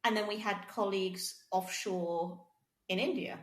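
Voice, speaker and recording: A woman chatting on a podcast in a lively way, prompting her partner and telling anecdotes. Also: medium pitch, measured pace. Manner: lively, prompting, laughs often. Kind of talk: casual podcast conversation. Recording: roomy echo.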